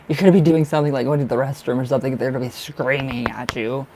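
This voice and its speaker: Young male tarot reader, chatty and rambling, warm low tone, light background hum. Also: steady tone, fast talker, rough recording. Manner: chatty, rambling, laughs often. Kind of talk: live stream reading.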